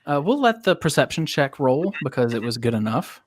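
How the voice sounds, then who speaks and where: A man narrating a tabletop game as game master, in a relaxed way with fillers. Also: mid-range voice, fairly quick.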